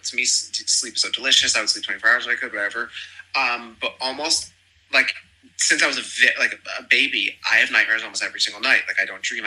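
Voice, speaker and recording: A man's voice: medium pitch, pushed and bright, slightly rough, rough recording. A man chatting casually as a podcast guest, rambling and gossipy with lots of fillers. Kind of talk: casual chat.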